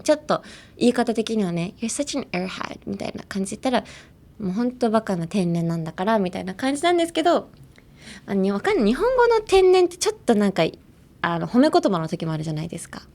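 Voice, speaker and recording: A woman hosting a bilingual lesson, explaining English slang and drilling phrases slowly, switching between English and Japanese. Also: a little high, very animated, gravelly. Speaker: English teacher and host.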